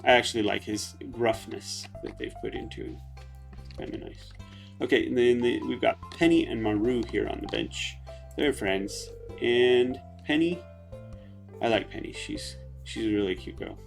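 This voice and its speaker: A man gives relaxed, rambling commentary over his gameplay, pausing often to collect his thoughts. His voice has a gravelly, creaky texture, and soft guitar music plays underneath. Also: medium pitch. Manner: relaxed, chatty, hesitant. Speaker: let's play host.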